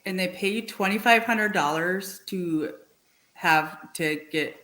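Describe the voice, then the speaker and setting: A woman in a casual group chat, speaking in a wry, offhand and soft-spoken way. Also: on the low side, slow pace.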